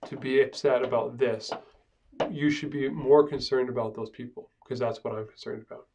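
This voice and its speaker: A preacher voicing a stern, reproving god. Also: male voice, medium pitch, fairly even intonation, moderate pace, darkish tone, natural voice. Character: stern, reproving male deity. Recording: speaker far from the mic.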